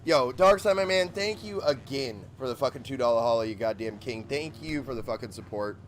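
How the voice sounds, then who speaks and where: A man's voice: medium pitch, fairly quick. Profane, rambling male streamer. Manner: loose and profane, rambling with frequent "like" and "dude". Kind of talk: casual live-stream chat while gaming. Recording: motorbike game engine noise behind.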